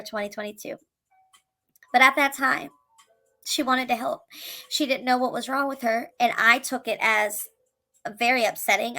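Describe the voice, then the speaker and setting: A woman's voice: a little high, sharp tone, rough recording. A woman, a single mother, earnestly telling her own life story to camera, emotional, with tumbling restarts and repeated words. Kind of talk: candid personal storytelling to camera.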